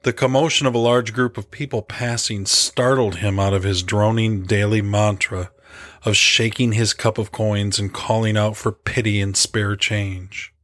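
A man narrating a devotional story in an earnest, reflective, measured way. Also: lowish voice, steady tone, a bit bright, no echo, studio quality. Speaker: preacher.

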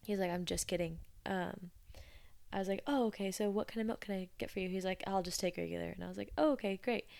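A woman's voice: medium pitch, quick pace, vocal fry, a little mellow. A young woman hosting a podcast, chatting casually and with amusement as she retells odd customer stories. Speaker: podcast host. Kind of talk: casual storytelling monologue.

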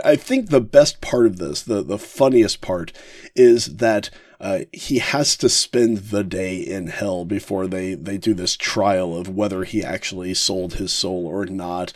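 A man hosting a casual podcast, ranking favorite episodes with frequent chuckles and halting fillers. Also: fairly low pitch, darkish tone, dry recording, studio quality. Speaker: podcast host.

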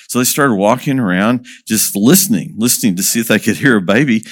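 A man working as a missionary speaker tells a story to an audience, lively, asking questions and chuckling as he goes. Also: lowish voice, fairly quick, hardly any pauses.

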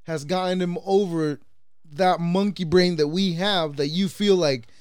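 A high-voiced man trades blunt, profanity-laced arguments with his co-host in a casual podcast chat. His voice sits dry and close on the mic, with no room around it. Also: fairly even intonation, measured pace, a little mellow, smooth, no echo. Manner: blunt, argumentative, swears a lot.

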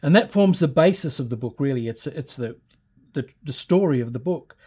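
A man's voice: mid-range voice, expressive, normal speed, a little mellow, breathy edge. A middle-aged man preaching a sermon as pastor, reading scripture aloud and building emphasis with repeated phrases.

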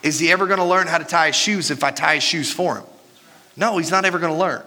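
A man in his thirties preaching a sermon as pastor, animated and joking, laughing at his own stories. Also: a little high, fast talker. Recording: reverberant hall with faint music.

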